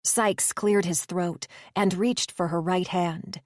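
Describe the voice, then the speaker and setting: A woman reading audiobook narration in a measured, even way. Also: fairly low pitch, dry recording, clean studio sound.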